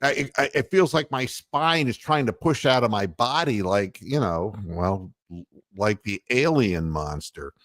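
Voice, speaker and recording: A man's voice: fairly low pitch, expressive, unhurried, fairly bright tone, studio quality. Older guy hosting sports radio, swears a lot, rambles, voice goes up and down, no room echo. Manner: rambling, profane, self-mocking. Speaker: radio show host. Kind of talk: casual sports radio banter.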